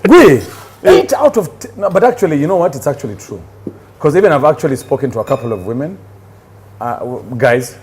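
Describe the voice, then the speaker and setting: A man's voice: medium pitch, big pitch swings, fast talker, darkish tone. A Ugandan man co-hosting a casual chat show, teasing and arguing his point and laughing often. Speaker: co-host. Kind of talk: casual bar-table chat.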